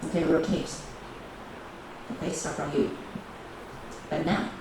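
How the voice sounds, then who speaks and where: A woman teaching English grammar to a high school class, mixing languages and repeating each key phrase. Her voice bounces around a large, very echoey classroom, and clear room noise sits under it. She calls on one team after another. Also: flat delivery, unhurried, recorded from a distance. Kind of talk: bilingual classroom grammar lesson. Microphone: camera recording the class.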